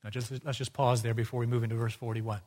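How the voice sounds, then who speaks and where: A man preaching an expository sermon, emphatic, asking rhetorical questions and swinging between quiet and loud delivery. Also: mid-range voice, little pitch movement, fast.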